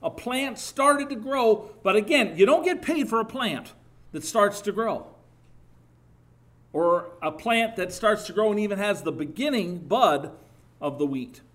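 Delivering a sermon, this middle-aged pastor has a high-pitched voice and a lively, earnest manner. He builds to emphatic surges but sometimes halts and starts over.

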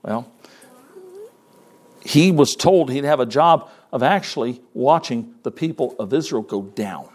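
A man's voice: medium pitch, expressive, a little slow. A man preaching a sermon in a folksy way, repeating his words and quoting scripture in King James wording. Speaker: pastor.

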